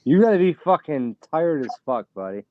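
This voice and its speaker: Very animated and on the high side, a man hosts a casual live show at a moderate pace; the audio has no echo but loses its highs. He's blunt and swears freely, bragging that he keeps going on very little sleep.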